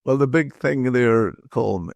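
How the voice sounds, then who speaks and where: A male podcast host leading an interview with curious follow-up questions. His voice is lively and moves a lot, with a gravelly edge, and the recording is dry and close. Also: mid-range voice, takes it slowly, no room sound.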